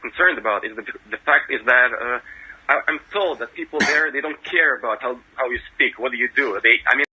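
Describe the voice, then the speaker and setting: A man's voice: mid-range voice, brisk, pushed and bright, slightly rough. A young man with a Russian accent calling into a radio show, hesitant and nervous. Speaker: caller. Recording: tinny phone line.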